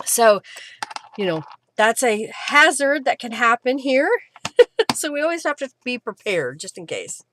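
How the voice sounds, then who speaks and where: A woman's voice: fairly high pitch, sing-song, measured pace, a bit bright, no room sound. A middle-aged woman, chatting casually and answering viewer comments as she works on a craft live stream. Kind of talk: casual chat while crafting.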